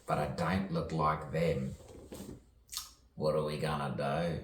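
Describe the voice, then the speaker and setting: A man's voice: a bass voice, steady tone, slow pace, long pauses. A man delivering a rambling, playful spoken-word monologue, free-associating in rhymes and shifting his voice as he goes. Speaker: self-styled poet and performer. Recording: roomy echo, distant from the mic, faint ambience.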